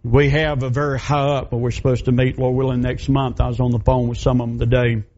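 Preaching through a story, a middle-aged male pastor leans on folksy, emphatic repetition. He speaks briskly in a slightly mellow, mid-range voice with little pitch movement, on a dull lo-fi recording.

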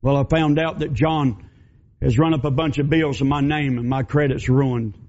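A man's voice: medium pitch, fairly even intonation, dark tone, breathy edge, voice pushed down. A preacher putting on a frightened older battered woman. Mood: tearful, beaten down. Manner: halting, stammering, subdued. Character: battered older gray-haired woman, fearful and tearful. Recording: dull lo-fi recording.

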